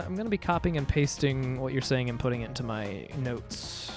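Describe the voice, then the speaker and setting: A man's voice: mid-range voice, expressive, fairly quick, hardly any pauses, darkish tone. A man streaming a game, chatting casually and joking with his viewers. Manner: playful, jokey, chatty with viewers. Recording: faint music behind.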